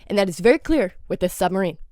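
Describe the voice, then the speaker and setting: A woman's voice: mid-range voice, lively intonation, quick pace, dark tone, dry recording, clean studio sound. A young woman hosting a podcast, ranting in casual commentary with heavy swearing and rhetorical questions. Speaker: podcast host.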